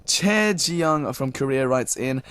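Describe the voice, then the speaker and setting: A man's voice: mid-range voice, lively intonation, slow pace, a bit bright, clean tone. A young British man as a radio DJ, reading listener messages in a polite, casual way with many fillers. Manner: polite, filler-heavy, many thank-yous.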